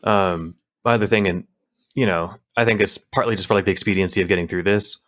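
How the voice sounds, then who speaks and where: This podcast co-host has a deep, fairly bright voice and talks quickly in a steady tone. He rambles through casual chat, full of fillers and restarts.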